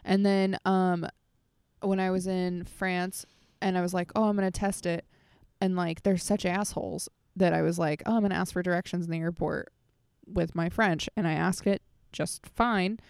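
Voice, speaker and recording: A woman's voice: on the low side, fairly even intonation, normal speed, creaky, darkish tone, clean tone, no room sound, studio quality. A young woman chatting casually as a co-host, blunt and sarcastic, swearing freely. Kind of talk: casual chat. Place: Los Angeles area, late at night outdoors.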